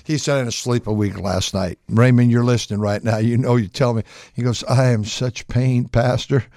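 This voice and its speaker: An older man, a pastor, preaching a folksy sermon with frequent restarts, acting out quoted voices in a higher pitch. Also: steady tone, a little fast, vocal fry, darkish tone, no echo, studio quality.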